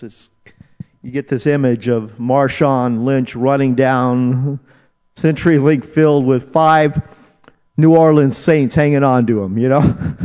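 A man's voice: medium pitch, warm tone. A man preaching a sermon as pastor, earnest and repeating phrases for emphasis. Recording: dull, reverberant hall recording.

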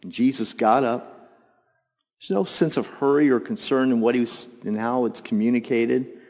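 A man preaching a sermon, telling the story with lively asides and acting out the voices of the people in it. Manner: animated storytelling, acts out voices with jumps in pitch and volume. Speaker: pastor. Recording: long hall reverb, dull lo-fi sound.

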